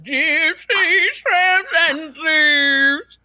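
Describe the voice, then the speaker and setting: A woman putting on a slow, slurred, drawling impression of a diva singer, loud and twisted-mouthed, on a comedy podcast. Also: high voice, soft background music, voice pushed up, exaggerated voice. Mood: grand drawling.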